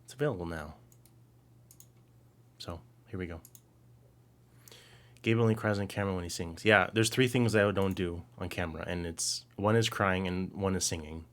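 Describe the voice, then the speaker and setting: Excitable low-voiced stream co-host. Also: male voice, moderate pace, long pauses. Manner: excitable, rambling, talks to chat viewers. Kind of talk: casual live-stream chat.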